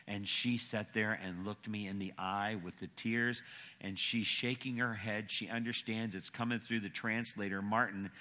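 A man preaching, his voice low in pitch yet sharp and bright in tone. He builds emphasis as he tells the story from the pulpit. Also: steady tone, normal speed. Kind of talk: sermon.

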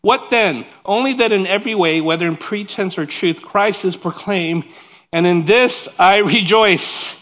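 Animated pastor preaching in a somewhat high voice. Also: male voice, unhurried. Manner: animated and self-deprecating, with humorous asides; reads scripture aloud, then explains it. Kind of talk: sermon.

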